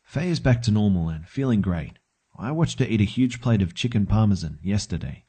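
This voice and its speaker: A man telling a first-person horror story in scripted narration, calm and matter-of-fact. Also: lowish voice, brisk, breathy edge.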